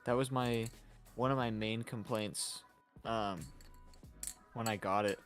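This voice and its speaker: A man with a fairly low voice chats loosely on his livestream, dropping swear words without a second thought. Soft lo-fi music plays faintly underneath him. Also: steady tone, slow pace. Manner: casual, swears freely. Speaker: livestream host. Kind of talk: casual chat on a livestream.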